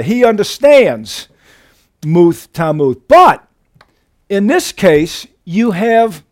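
A man's voice: a little high, darkish tone. A man preaching a sermon, teaching through scripture verse by verse and stressing key words with emphasis.

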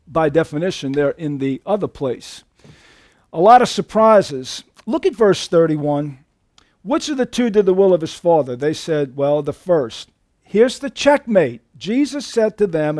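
A man preaching a sermon to a church congregation, emphatic, swinging between loud outbursts and hushed asides. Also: high-pitched, dry recording, studio quality. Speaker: pastor. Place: church sanctuary.

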